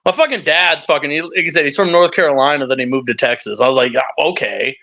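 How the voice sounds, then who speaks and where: A young man's fairly high voice moves at a quick pace as he tells rowdy stories, profane and animated, while guesting in a casual live-stream chat. Dull, lo-fi stream audio comes from his live-stream mic.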